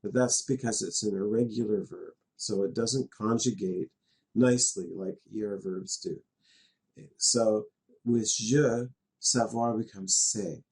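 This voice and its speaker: A middle-aged man from Canada's West Coast teaches a class in a virtual world, his lowish, darkish voice moving at an unhurried pace. He is patient and chatty, laughing now and then as he explains.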